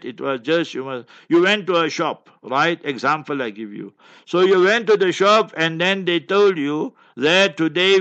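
A man's voice: a little high, bright, forceful tone, highs cut off. A South African man in his sixties, a mufti answering questions in a casual, rambling way full of asides and repeated reminders. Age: 60s. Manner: rambling and anecdotal, keeps saying "you must remember". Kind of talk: casual religious Q&A talk.

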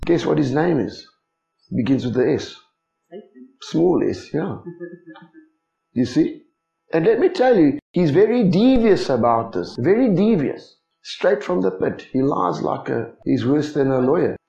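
A man preaches a sermon, his voice rising and falling in a lively, animated swing. His tone is gravelly and fairly high. The sound is echoey and dull, like a lo-fi recording in a church hall. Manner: animated, rhetorical questions to the congregation.

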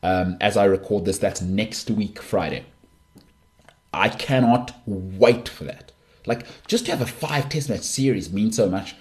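A middle-aged man hosts a solo sports podcast in a fairly low, slightly mellow voice, taking his time. He's opinionated and emphatic, often restarting his sentences.

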